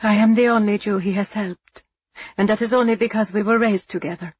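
A woman's voice: a little high, normal speed, breathy edge, dry recording, muffled recording, voice pushed up. A woman voicing a defiant young Jewish woman held prisoner, answering steadily and pleading for another's release.

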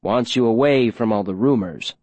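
A man's voice: medium pitch, moderate pace, a little mellow, dry recording, lightly acted. A man voicing a weary, sardonic middle-aged ex-mayor with a wry, mocking edge, in an audiobook reading. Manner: wry and mocking, a bit raised. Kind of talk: audiobook character voice.

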